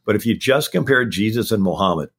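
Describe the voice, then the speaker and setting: A man with a lowish voice runs through history as a show guest. He talks fast and stacks point upon point without stopping. It sounds like a quick-fire lecture delivered in conversation. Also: expressive, fairly bright tone. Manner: talks fast, packing in facts one after another.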